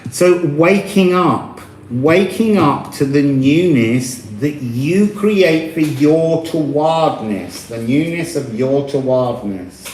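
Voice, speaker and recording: Slow, mystical man reading tarot. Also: on the high side, lively intonation, a little mellow, slight background noise. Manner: slow, meandering and mystical, pausing to correct himself. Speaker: tarot reader. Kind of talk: spoken tarot reading for a video channel. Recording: echoey room.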